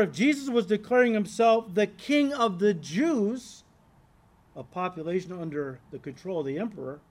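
High-voiced man preaching a sermon. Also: darkish tone. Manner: earnest, emphatic teaching, addresses listeners as "guys"; reads scripture aloud and explains it. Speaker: pastor. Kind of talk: expository sermon.

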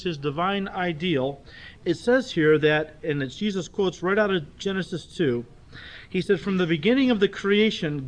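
A man with a fairly high voice preaches a sermon with emphatic delivery. He slows to press home key phrases and keeps turning to his listeners with quick rhetorical checks. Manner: speaks directly to the congregation with rhetorical checks. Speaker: pastor.

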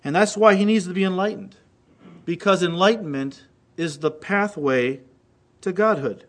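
Man preaching, high voice, reads quotes in an acted-out way. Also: moderate pace. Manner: reads quotes aloud, mimicking voices with rising intensity. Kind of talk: recorded sermon.

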